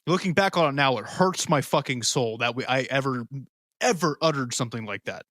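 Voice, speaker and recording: A man's voice: medium pitch, animated, fairly quick, fairly bright tone, no room sound, clean studio sound. A man co-hosting a podcast, reading segment introductions and dropping crude joking asides in casual chat. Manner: crude jokey asides between read segments. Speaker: podcast co-host.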